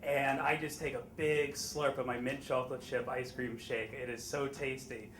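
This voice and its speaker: A man's voice: medium pitch, fairly even intonation, moderate pace, fairly bright tone, roomy sound, a little hiss or hum. A man telling a wry, self-deprecating story on stage at a live story slam into a microphone.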